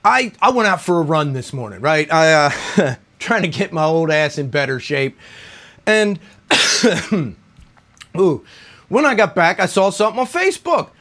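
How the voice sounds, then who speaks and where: A man's voice: on the high side, big pitch swings, a little slow, a bit bright. A middle-aged man chatting casually in a guitar vlog, a little out of breath after a run and rambling with lots of "right?". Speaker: guitar review YouTuber.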